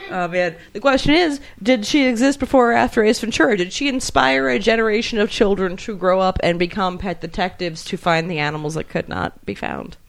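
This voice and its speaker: A comedy podcast co-host in casual chat, excitable and rambling with many fillers. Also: medium pitch, brisk, vocal fry, few pauses.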